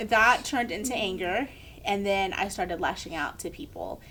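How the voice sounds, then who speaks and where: Young woman co-host with a mid-range voice, telling a lively personal story over a faint low rumble. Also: normal speed. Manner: animated storyteller acting out quoted voices. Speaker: podcast co-host. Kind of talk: candid personal story in a podcast chat.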